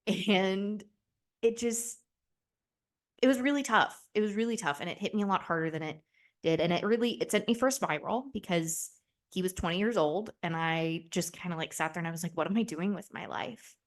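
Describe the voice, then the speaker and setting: Candid woman in her twenties, lower voice. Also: brisk. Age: 20s. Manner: candid, rambling, heavy on fillers like "like" and "um"; swears casually. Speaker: podcast host. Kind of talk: casual podcast chat.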